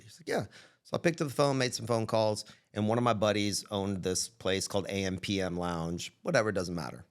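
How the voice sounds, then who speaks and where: Brief: man guest, Texan, lively casual storytelling with voices for quoted people. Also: on the low side, quick pace. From Texas. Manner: animated, acts out quoted dialogue. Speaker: guest entrepreneur.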